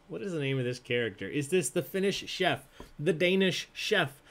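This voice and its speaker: Running a live trivia game, the host laughs frequently while reading out questions and answers in a playful, casual manner. His voice is on the high side, expressive and a bit bright, at a normal speed.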